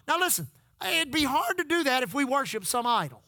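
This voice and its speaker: A man's voice: extremely high pitch, big pitch swings, fairly quick, sharp tone, no echo. A middle-aged man preaching a sermon, telling folksy stories and calling out to the congregation. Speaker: pastor.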